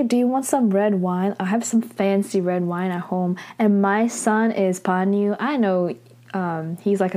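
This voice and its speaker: A young adult woman giving a casual, chatty recap of a TV drama episode. She fills her talk with "like" and breaks into excited outbursts. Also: medium pitch.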